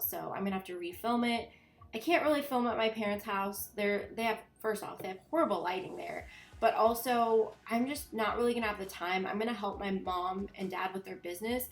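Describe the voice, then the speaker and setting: A woman's voice: mid-range voice, echoey room. A young woman vlogger chatting casually in a voiceover, congested and a bit nasal, rambling with lots of fillers.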